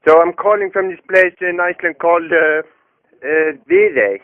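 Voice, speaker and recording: A man's voice: sits high, steady tone, moderate pace. A man telling a rambling comic story on a prank phone call, hesitant and full of fillers and restarts. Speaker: prank caller. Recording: tinny phone line.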